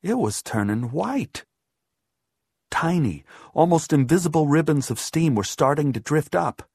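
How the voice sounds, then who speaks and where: A man reading a first-person horror audiobook, measured, dropping low and quiet on grim lines. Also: big pitch swings, gravelly, slightly rough, no room sound, studio quality. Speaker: audiobook narrator.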